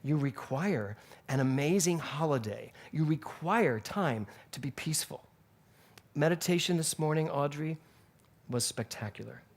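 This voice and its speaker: A man's voice: on the high side, animated, measured pace. A male minister giving a Sunday sermon in a spiritual center, telling stories animatedly and laughing along the way.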